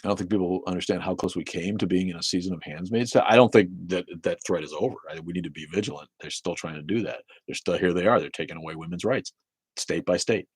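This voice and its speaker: Low-voiced man ranting casually on a stream. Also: fast talker, slightly rough, dry recording. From Maine, USA. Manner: profane, rambling, sardonic, many fillers and restarts. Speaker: livestream host reading viewer comments. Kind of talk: casual ranting livestream chat.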